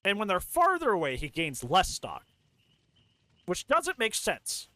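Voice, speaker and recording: A man's voice: high voice, wildly swooping pitch, measured pace, sharp tone, dry recording. A man reacting to a video on stream, ranting in an exasperated, casual way with lots of fillers and restarts.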